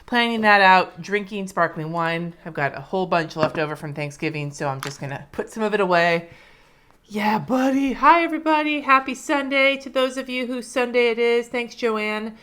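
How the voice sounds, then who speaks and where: Medium-pitched and a bit bright with a clean tone, a California woman talks at normal speed with hardly any pauses. She's a planner vlogger on a live stream at home, planning her week, reading comments, addressing viewers by name, and swearing freely.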